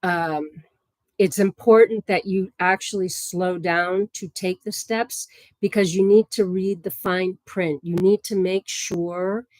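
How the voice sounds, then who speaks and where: A woman giving psychic readings on a livestream in a gentle, chatty way, with many fillers and soft laughs. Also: lowish voice, fairly even intonation, slow pace, no echo.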